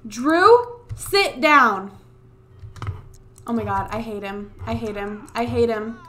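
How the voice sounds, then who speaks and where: A woman's voice: medium pitch, flat delivery, normal speed, a little mellow, a little hiss or hum. A woman doing casual gameplay commentary on a USB desk mic, exasperated, swearing and scolding the characters on screen. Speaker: Let's Play gamer.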